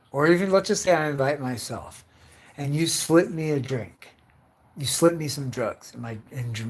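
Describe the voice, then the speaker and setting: A young man livestreaming from home, rambling on in a loose, profane rant full of fillers. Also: mid-range voice.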